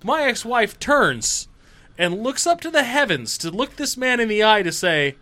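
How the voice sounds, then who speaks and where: A man with a high, lively voice spins profane stories in a casual podcast chat. His tone is bright and his pitch swings widely as he builds each tale. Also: measured pace. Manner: profane, animated storyteller. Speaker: podcast co-host. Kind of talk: casual storytelling.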